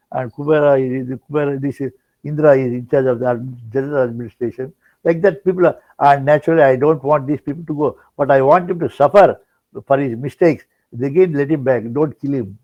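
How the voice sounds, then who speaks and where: Older male preacher, rambling and repetitive; gravelly, muffled recording. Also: medium pitch. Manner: rambling, repeats words, many restarts. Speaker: spiritual speaker. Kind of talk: devotional discourse. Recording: dull lo-fi online talk recording.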